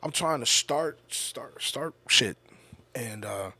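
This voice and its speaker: A man's voice: mid-range voice, expressive, slow pace, pushed and bright, husky, no room sound. A man hosting a podcast, telling a personal story in a casual, reflective monologue. He often stops and repeats words, and he swears freely. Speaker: podcast host.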